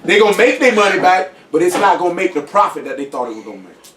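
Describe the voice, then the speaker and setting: Man, high voice, emphatic casual talk, roomy echo, heard from a distance. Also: big pitch swings, fast, fairly bright tone. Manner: emphatic, repeats "you know what I'm saying". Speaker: speaker in a group discussion. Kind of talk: casual group discussion. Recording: echoey room, voice from a distance.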